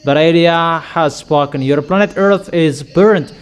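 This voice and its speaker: A man preaching a sermon in slow, emphatic prophetic declarations. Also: on the high side, smooth.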